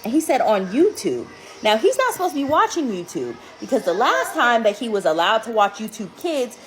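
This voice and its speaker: A woman, a mother, telling a story to the camera in a casual, animated and incredulous way. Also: fairly high pitch, brisk, slight background noise. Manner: animated, incredulous, quoting her child.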